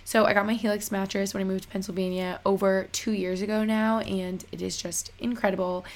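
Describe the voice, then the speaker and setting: A young woman hosting a podcast, talking in an excitable, rambling way full of "like.". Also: medium pitch, a little fast. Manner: excitable, rambling, lots of likes. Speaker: podcast host. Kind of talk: casual chat.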